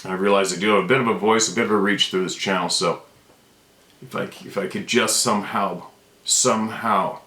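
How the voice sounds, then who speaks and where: A man's voice: low-pitched, sharp tone, reverberant, poor audio. A man hosting his own channel, speaking to the camera in a fired-up, emphatic, unrehearsed rant that keeps circling back to the same words. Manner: fired-up, emphatic, repeats himself. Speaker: channel host. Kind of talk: impassioned unscripted rant to camera.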